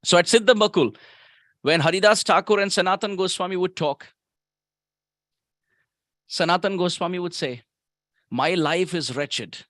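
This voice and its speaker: High-voiced animated male preacher. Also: normal speed, pauses often, no room sound, clean studio sound. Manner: animated storyteller who shifts pitch sharply for emphasis; asks the audience rhetorical questions. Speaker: visiting speaker giving a temple talk. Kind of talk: devotional sermon storytelling. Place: temple hall.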